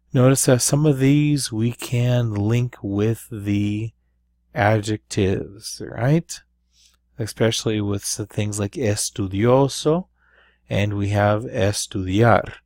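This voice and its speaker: A man's voice: fairly low pitch, a little mellow, no room sound, clean studio sound. A man teaching a recorded review lesson, explaining patiently with fillers and frequent checks like "right?". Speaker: Spanish teacher.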